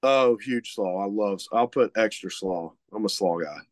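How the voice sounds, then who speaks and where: A guest co-host from Mississippi who represents a butcher shop chats on a podcast in an easygoing, rambling style full of fillers. His voice is lowish at a moderate pace, with no room sound.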